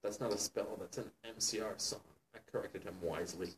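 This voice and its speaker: A man co-hosting a comedy show, reading a fan fiction aloud dramatically and laughing at it, sometimes putting on squeaky voices. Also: steady tone, a little fast, recorded from a distance, rough recording. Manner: mocking, laughing, breaks into loud squeaky character voices.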